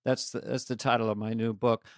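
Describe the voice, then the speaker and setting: A man's voice: medium pitch, flat delivery, a little fast, no room sound, studio quality. A man co-hosting a podcast in casual comedic chat, riffing and doing silly voices over a video call. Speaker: podcast co-host.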